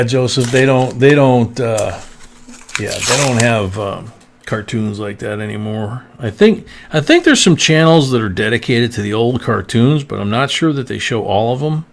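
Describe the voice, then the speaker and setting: A man's voice: medium pitch, vocal fry, slight background noise. A man hosting a coin live stream, chatting casually in a rambling way, with lots of fillers and restarts. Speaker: host of a coin roll hunting live stream.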